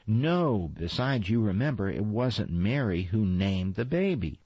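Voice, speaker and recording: A patient, weary mother from a storybook, read by a man. She explains things carefully in his low, husky register. The recording is slightly dull and dry. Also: big pitch swings, measured pace, a little mellow, dry recording, heavily acted. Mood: explaining. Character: patient, tired mother directing a church pageant.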